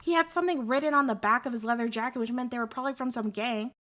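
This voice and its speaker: A woman streamer telling a story in a casual, animated, rambling way with lots of fillers. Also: on the high side, racing.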